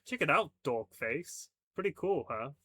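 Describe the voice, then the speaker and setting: A man's voice: a little high, lively intonation, measured pace, pushed and bright, slightly rough, no echo, studio quality, full character voice. A man voicing a brash, bossy boy with a boastful folksy drawl in a story reading. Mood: cocky.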